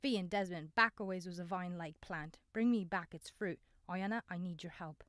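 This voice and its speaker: A woman playing a calm, steady male healer. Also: lowish voice, normal speed, no echo, clean studio sound, natural voice. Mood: instructive. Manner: steady, instructive.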